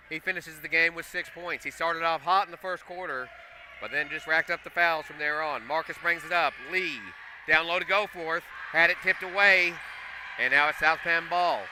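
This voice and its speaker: Male play-by-play announcer, excitable, sharp bright tone, lively on big plays. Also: a little hiss or hum. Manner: excitable, voice jumps high and loud on big plays. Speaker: play-by-play commentator. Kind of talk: live basketball commentary. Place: school gym.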